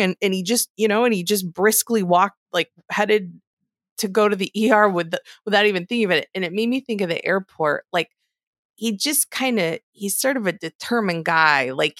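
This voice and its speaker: A woman co-hosting a podcast in casual chat, halting and hesitant, animated when retelling scenes. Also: fairly low pitch, dry recording, studio quality. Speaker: podcast co-host.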